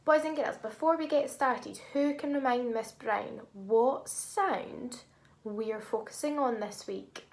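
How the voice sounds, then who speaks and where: A woman teaching a phonics lesson to young children, speaking slowly and clearly and sounding out words in an encouraging way. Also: a little high, a little mellow. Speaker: primary school teacher.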